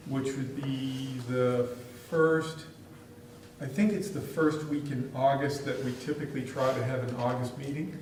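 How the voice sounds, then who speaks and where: A man's voice: mid-range voice, steady tone, a little slow, darkish tone, a little hiss or hum. A man speaking as school superintendent at a board meeting, telling chatty, amused stories. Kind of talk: meeting remarks and storytelling. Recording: echoey room, distant mic.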